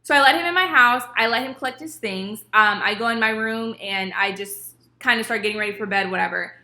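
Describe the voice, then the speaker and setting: A young woman vlogger telling a personal story in casual, animated storytime style, acting out what others said. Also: fairly high pitch, brisk. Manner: animated, acts out quotes of others. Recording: echoey room.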